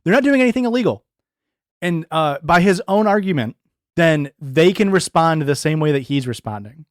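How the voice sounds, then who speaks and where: A man's voice: a little high, animated, normal speed, no echo, clean studio sound. A man giving opinionated, profane commentary as a streamer reacting to videos, ranting with frequent restarts.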